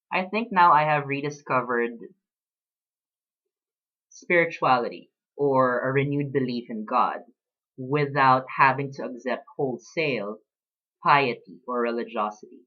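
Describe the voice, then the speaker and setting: A man's voice: medium pitch, highs cut off. Reflective man in his late twenties. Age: late 20s. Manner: reflective, talks about books with pauses and fillers. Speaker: vlogger. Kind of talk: casual personal vlog.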